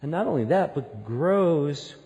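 A man's voice: fairly high pitch, animated, measured pace. Man preaching in an echoing hall. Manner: storytelling, building to loud emphatic peaks. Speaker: pastor. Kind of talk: sermon.

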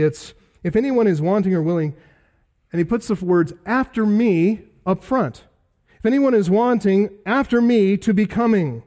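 A male pastor preaching an expository sermon, emphatic, building through repeated lists and slowing down on key words. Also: high-pitched, warm tone.

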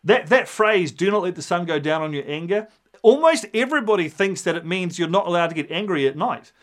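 A man preaching a sermon, animated and storytelling, acting out the voices in his quotes. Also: high-pitched, a little fast. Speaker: pastor.

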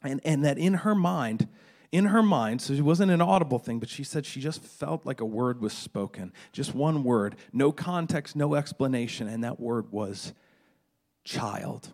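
A man's voice: mid-range voice, lively intonation, normal speed, a little mellow. A middle-aged man preaching a sermon, retelling a story dramatically with stammered restarts. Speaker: pastor.

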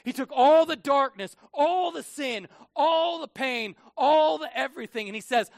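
A male pastor giving a conversational sermon, animated, swinging from hushed asides to loud, emphatic bursts. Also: very high-pitched, brisk, few pauses, no echo.

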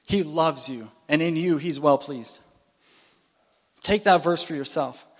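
A man preaching a sermon with animated, playful delivery, often restarting and repeating phrases. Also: on the high side, measured pace. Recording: long reverb in a hall.

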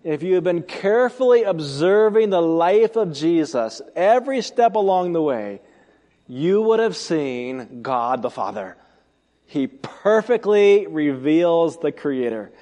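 A man's voice: expressive, slow, mellow. Emphatic male preacher in reverberant hall. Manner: emphatic, rhetorical questions, wide swings in pitch and volume. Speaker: pastor. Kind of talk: expository sermon.

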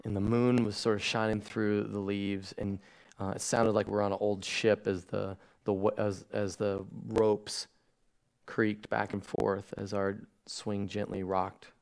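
A man, a pastor preaching a sermon to a congregation, acting out family stories with lively swings and falling soft and hushed when he turns reflective. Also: lowish voice, a little slow. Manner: animated storytelling, acting out his own shouting at bedtime. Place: church stage before a congregation.

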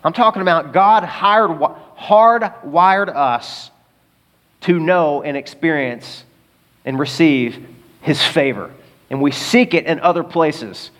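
A man preaching a sermon as pastor, emphatic, asking the congregation rhetorical questions and swinging between loud bursts and quiet asides. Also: fairly high pitch. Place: large auditorium. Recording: long hall reverb.

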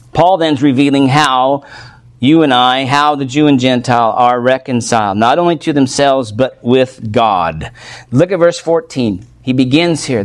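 A male pastor with a voice of ordinary, middling pitch delivers an expository sermon. He speaks earnestly and with emphasis, stressing key words and checking in with his congregation as he works through the text.

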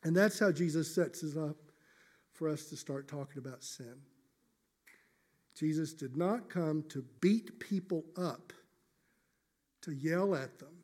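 A high-pitched male pastor delivering a sermon. He speaks earnestly and with emphasis, stretching out key phrases slowly. At times his voice drops almost to a whisper. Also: darkish tone.

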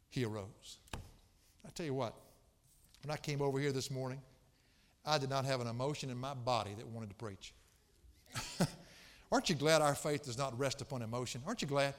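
A man preaching a fervent sermon, rising almost to shouts on key phrases. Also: on the high side, expressive, normal speed. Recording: echoey hall reverb.

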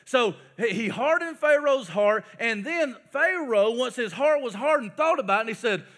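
An animated pastor reads scripture and then retells it, stopping to coach his listeners to act along. His voice is very high for a man and bright in tone. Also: normal speed. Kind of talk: sermon with Bible story acted out with children.

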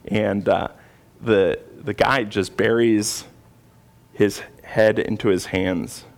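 Man with a low, gravelly voice; earnest preacher recounting a personal story. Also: measured pace. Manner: earnest storytelling with hesitant restarts. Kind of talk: sermon.

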